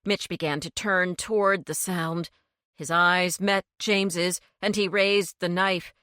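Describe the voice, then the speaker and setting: Here a woman narrates scripted lines from a cozy mystery audiobook, keeping a calm, even storytelling pace. Her pitch is fairly low, with no echo and studio-grade sound.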